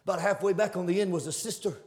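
A man preaching a fervent sermon, telling stories in a folksy way and building to shouted climaxes. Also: high-pitched, quick pace. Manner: storytelling in a folksy, conversational way.

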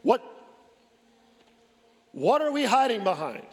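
A man preaching a sermon as pastor, pressing forceful rhetorical questions and often repeating words as he builds a point. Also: extremely high pitch, sing-song, slow, slightly rough, in a large hall.

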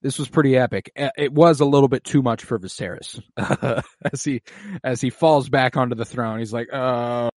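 A man's voice: mid-range voice, moderate pace, a little mellow, no echo, studio quality. A man in casual chat, animatedly retelling a show's episode with lots of swearing and acted-out quotes.

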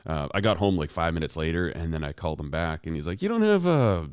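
A man's voice: very deep voice, fairly even intonation, fast, smooth, no echo, studio quality. A man co-hosting a casual podcast, telling a long rambling story and acting out the people in it. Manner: rambling storyteller, acts out quoted neighbor. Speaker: podcast co-host. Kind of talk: casual chat. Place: rural home shop.

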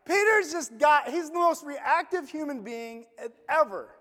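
A pastor preaching a sermon in a casual, conversational way, using slang and asking the crowd questions, swinging between loud emphasis and near-murmured lines. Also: sits high, animated, a little slow. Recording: long echo of a large hall.

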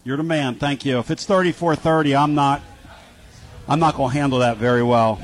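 Excitable man hosting sports talk radio. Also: medium pitch, brisk, poor audio. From Philadelphia. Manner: excitable, hypes up guests.

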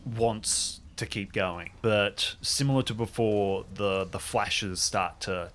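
A man's voice: sits low, pushed and bright, slight background noise. A young man playing a tabletop game, thinking aloud as he describes his character's actions. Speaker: player. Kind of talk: casual tabletop game play.

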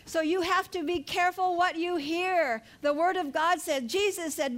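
A woman's voice: very high-pitched, normal speed, hardly any pauses, a bit bright. An older woman preaching an earnest sermon, telling her own story and rising to fervent emphasis. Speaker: pastor.

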